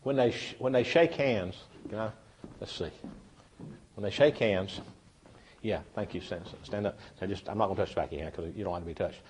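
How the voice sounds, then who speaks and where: A man's voice: fairly low pitch, brisk, darkish tone. A man giving a humorous seminar, telling folksy stories and talking directly to his audience. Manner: folksy storyteller, chatty, addresses the audience directly. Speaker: seminar speaker. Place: meeting room with a live audience.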